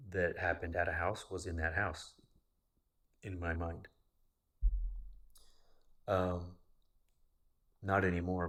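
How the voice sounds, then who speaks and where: A man's voice: sits low, fairly bright tone. A man in his thirties telling a personal story casually, rambling and swearing freely. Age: 30s. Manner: profane, rambling.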